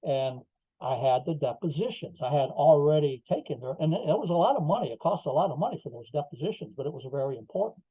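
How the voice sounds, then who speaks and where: A man's voice: fairly high pitch, expressive, fast, breathy edge, dry recording. An older man, a podcast guest, telling his story emphatically with rhetorical asides. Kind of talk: interview storytelling. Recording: slightly dull lo-fi audio.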